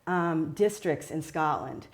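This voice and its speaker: A woman's voice: low-pitched, lively intonation, takes it slowly. A middle-aged American woman, a teacher, answering interview questions in a chatty way with many fillers. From United States.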